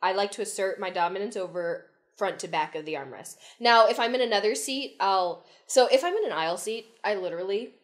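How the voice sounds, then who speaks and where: A woman's voice: mid-range voice, a little fast. A young woman co-hosting a casual podcast, with a voice in the middle of the range. She talks in a wry, teasing way and acts out her own reactions with playful emphasis. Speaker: podcast co-host. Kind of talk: casual chat.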